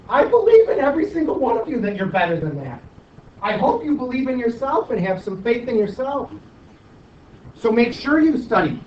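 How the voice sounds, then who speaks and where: High-voiced man rousing his math class. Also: far from the mic, a little hiss or hum. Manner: animated, teasing, exhortative. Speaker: high school math teacher. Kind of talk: classroom pep talk and review. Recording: echoey dull classroom recording from afar.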